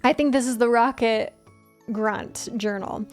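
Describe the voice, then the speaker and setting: A woman's voice: a little high, fairly even intonation, unhurried, soft background music. A woman streamer chatting casually while she plays, telling a story and laughing often. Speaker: gaming streamer. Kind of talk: casual live-stream chat.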